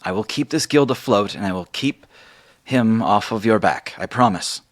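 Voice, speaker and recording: A man's voice: fairly low pitch, lively intonation, normal speed, pitched above the performer's own voice. A man voicing an earnest woman guild leader in a tabletop game. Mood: reassuring.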